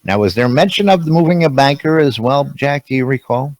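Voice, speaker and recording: A man co-hosting a game news show in casual chat, relaxed and unhurried, with joking asides. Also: mid-range voice, dry recording.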